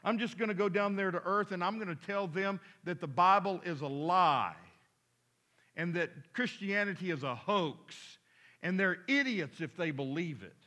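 A man's voice: high-pitched, normal speed, pushed and bright. A pastor voicing a cocky male demon who brashly boasts of his plan, close to his own voice.

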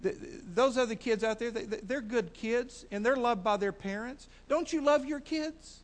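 A middle-aged pastor preaching a sermon in a folksy, stammering way that builds to loud, emphatic peaks. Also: male voice, extremely high pitch, moderate pace, few pauses.

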